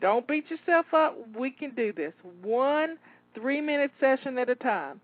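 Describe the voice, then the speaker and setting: A woman's voice: high voice, expressive, a little slow, no room sound. Encouraging woman coaching over a tinny line. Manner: upbeat, encouraging, talks listener through tasks. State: slightly out of breath. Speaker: home organizing coach. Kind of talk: live timed cleaning coaching. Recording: tinny phone-like line, dry.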